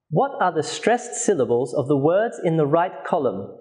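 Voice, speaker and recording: A man's voice: fairly high pitch, sing-song, a little mellow. A man presenting a scripted English pronunciation lesson, speaking carefully and modelling words for learners to repeat. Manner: slow, careful, clearly articulated, models words for repetition. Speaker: pronunciation teacher.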